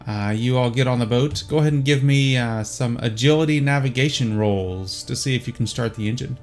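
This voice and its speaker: A man with a Southern US accent narrating as game master in a relaxed, easygoing way, with frequent pauses. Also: medium pitch, faint music behind.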